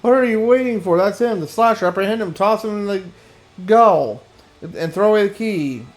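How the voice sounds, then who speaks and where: A man's voice: sits high, lively intonation, normal speed, voice pushed up, low-quality recording. A man voicing an indignant, complaining townswoman from a game, wailing over her misfortune.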